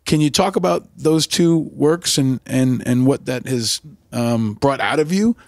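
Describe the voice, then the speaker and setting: A man's voice: medium pitch, lively intonation, unhurried, no echo. A man hosting an interview, asking long, rambling, effusive questions. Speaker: podcast host.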